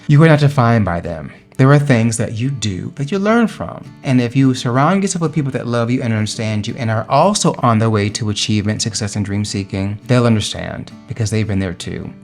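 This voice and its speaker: Man, motivational vlog, earnest, encouraging, medium-pitched voice, faint music underneath. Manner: earnest and encouraging, with emphatic rises. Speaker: vlogger sharing affirmations. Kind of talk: motivational talk to camera.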